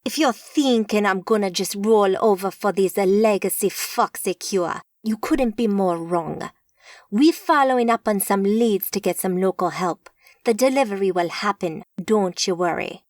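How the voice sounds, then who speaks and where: A man's voice: high voice, measured pace, no echo, clean studio sound. A woman voicing a man who leads a coven, firm and sarcastic. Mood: defiant.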